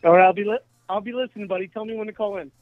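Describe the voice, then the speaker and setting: A man's voice: high-pitched, rapid-fire, phone-quality sound, crowd noise. A man calling in to a show, teasing the guests and swearing casually. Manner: teasing, profane. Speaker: caller. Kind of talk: casual call-in banter.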